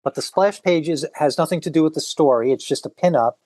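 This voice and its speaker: A middle-aged man in casual podcast chat, animated and reading comics aloud with voices. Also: a little high, fairly quick, no echo. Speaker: podcast guest.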